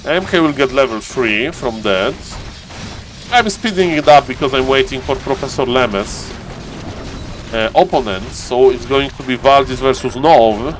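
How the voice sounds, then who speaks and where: A man's voice: medium pitch, a little slow, a little hiss or hum. A man casually commentating a live strategy game, chatting to viewers and players as he goes. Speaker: esports caster.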